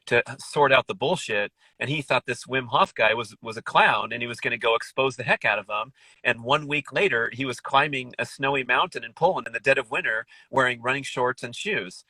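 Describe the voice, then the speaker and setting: A man's voice: medium pitch, sharp tone, dry recording, rough recording. A middle-aged man guesting on a podcast, talking enthusiastically in a rambling, casual way with frequent restarts. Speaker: podcast guest, wellness author.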